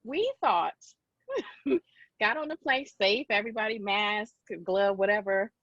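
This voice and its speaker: A woman co-hosting a podcast, telling stories in an animated, laughing casual chat. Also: mid-range voice, unhurried, dry recording, lo-fi sound. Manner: animated storytelling with frequent laughs. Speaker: podcast co-host.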